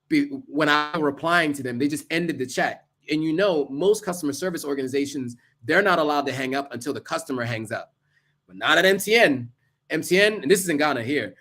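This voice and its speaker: A man's voice: a little high, a bit bright. A man giving earnest, casual advice to camera, listing tips with asides along the way. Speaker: vlogger.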